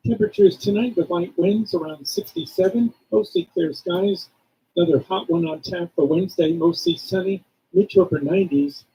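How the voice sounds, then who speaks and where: Male meteorologist, matter-of-fact forecast read, breathy high voice. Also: warm tone. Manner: measured, matter-of-fact delivery. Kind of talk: radio weather forecast. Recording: dull muffled lo-fi sound.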